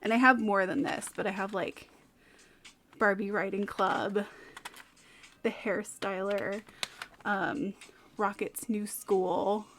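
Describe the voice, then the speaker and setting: A woman's voice: mid-range voice, steady tone, takes it slowly, pauses often, fairly bright tone, slight background noise. A woman in her thirties from California with a light Californian accent, chatting casually as a streamer, rambling and giggling between fillers. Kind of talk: casual chat.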